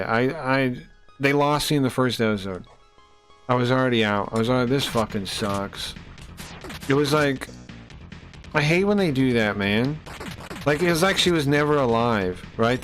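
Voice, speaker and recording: A man's voice: medium pitch, smooth. Rambling profane male game streamer. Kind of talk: casual live-stream chat while playing.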